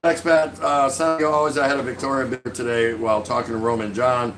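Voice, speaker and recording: A man's voice: medium pitch, lively intonation, moderate pace, fairly bright tone, a little hiss or hum. A man in his sixties hosting a casual live stream from his couch at home, reading viewer comments aloud and joking with a chuckle. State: drinking beer while talking.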